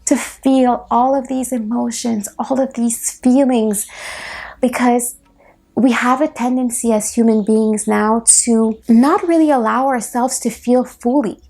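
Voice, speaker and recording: A woman hosting a personal solo podcast, speaking softly and reflectively, close to tears at times. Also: on the high side, steady tone. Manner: soft, reflective, slow and heartfelt. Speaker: podcast host.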